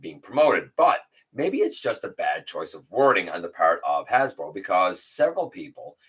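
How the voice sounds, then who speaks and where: A man's voice: deep voice, big pitch swings, normal speed, a bit bright, slightly rough. A man hosting a casual livestream, chatting loosely, greeting viewers by name and reading their comments aloud. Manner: rambling with fillers and restarts. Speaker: livestream host.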